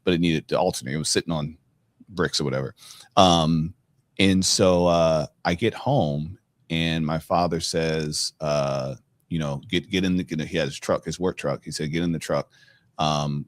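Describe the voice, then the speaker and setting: A middle-aged man with a very low voice hosts a podcast and tells a story casually. He speaks with plenty of fillers and gets animated when he acts out the scenes. The sound is dry and close. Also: no echo. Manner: conversational, many fillers, animated when retelling. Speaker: podcast host.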